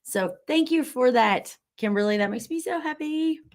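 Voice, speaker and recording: A woman's voice: sits high, lively intonation, moderate pace. A woman hosting a live online class, bubbly and encouraging, reading out viewer comments with lots of fillers.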